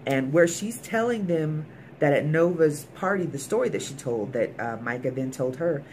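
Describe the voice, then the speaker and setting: A woman's voice: low voice, lively intonation, moderate pace, a little mellow, a little hiss or hum. Emphatic woman recapping a TV episode. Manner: emphatic, colloquial, talks straight to viewers. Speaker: TV episode reviewer.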